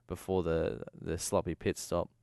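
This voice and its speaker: A man's voice: low voice, level tone, normal speed, dark tone, clean tone, no room sound, clean studio sound. A man, co-hosting a casual chat and explaining technical details with plenty of fillers. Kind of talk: casual chat about motor racing.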